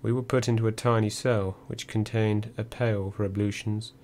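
A man reading a first-person memoir audiobook in a measured, dry storytelling manner. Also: on the low side, level tone, darkish tone, slight background noise. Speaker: audiobook narrator.

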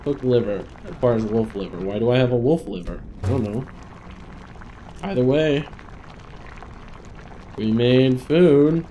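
A man's voice: mid-range voice, animated, normal speed, warm tone, a little hiss or hum. A man hosting a gaming channel, thinking aloud in chatty let's play commentary as he plays.

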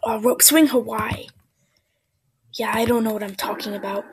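A woman giving excitable let's play commentary, yelping at mishaps and dropping into whispered asides. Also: on the high side, normal speed, slightly rough. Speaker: gameplay commentator.

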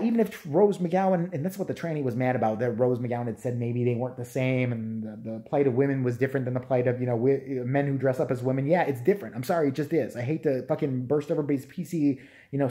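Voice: mid-range voice, fairly even intonation, fast talker, warm tone. A vlogger ranting in a profane, mocking commentary and often laughing.

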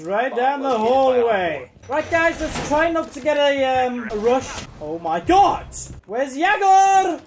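A woman giving live gameplay commentary, excitable, shouting and swearing at the game as she plays. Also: high-pitched, a little hiss or hum. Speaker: gaming YouTuber.

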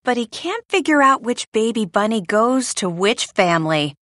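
A woman reading a children's storybook aloud in an expressive way. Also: on the high side, normal speed, no echo, clean studio sound. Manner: lively, expressive. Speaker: storybook reader.

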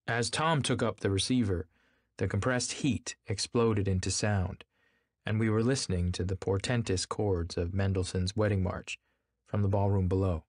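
Low-ish man reading a novel aloud, steady pace, dry close sound. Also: moderate pace, no echo. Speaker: reader.

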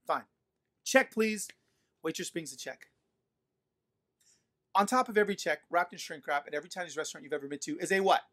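A man preaching a sermon to an online congregation, telling stories in a playful, animated way and speaking straight to his listeners. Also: on the high side, fast, pauses often. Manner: animated, playful, addresses audience directly. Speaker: pastor. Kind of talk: sermon storytelling. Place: livestream during quarantine.

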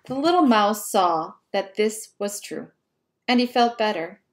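A woman teacher reading a picture book aloud to young children in a slow, careful, friendly way. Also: medium pitch, lively intonation, a little hiss or hum.

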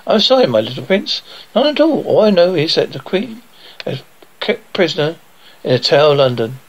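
A man's voice: on the high side, very animated, normal speed, highs cut off. A man doing a no-nonsense old nanny. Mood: gentle.

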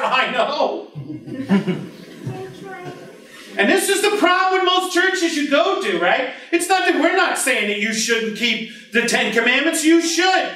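Animated high-voiced pastor in an echoey church. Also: male voice, distant mic. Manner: animated, jokey, bursts into shouts. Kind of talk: lively conversational sermon. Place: church sanctuary.

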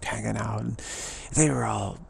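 A gravelly, somewhat mellow voice on the low side belongs to a middle-aged man delivering an enthusiastic, rambling pep talk at normal speed. He keeps repeating himself and chuckling, with slight background noise in the recording.

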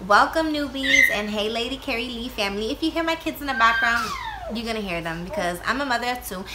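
A woman vlogging casually from home, loud and playful, swearing freely. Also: on the high side, animated, fast, background noise. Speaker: YouTube vlogger, mother of two. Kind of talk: casual vlog chat. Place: home with kids nearby.

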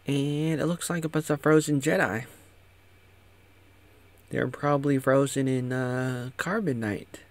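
A man's voice: medium pitch, slow pace, long pauses. A man giving casual, sarcastic commentary, rambling with many restarts. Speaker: show recap commentator.

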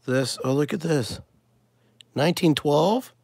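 A man hosting a casual coin-collecting video, chatting to his viewers and thinking aloud as he sorts, with excited little exclamations. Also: on the high side, a little slow, vocal fry, slightly rough, no echo. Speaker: coin collecting channel host. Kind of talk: casual live coin sorting chat.

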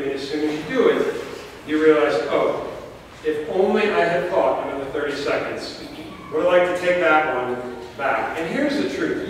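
A man preaching a sermon, his slightly high voice carried by a long church reverb. He tells stories and jokes with dramatic pauses, heard from a distance with faint room noise behind him. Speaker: pastor. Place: church sanctuary. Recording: echoey church hall from far off, faint noise.

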